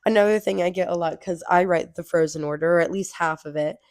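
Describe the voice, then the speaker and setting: A woman's voice: fairly low pitch, fast, darkish tone, no echo, studio quality. Woman telling exasperated work stories. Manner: storytelling with exasperated retellings of customers. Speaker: podcast co-host and grocery store crew member. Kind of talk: casual chat.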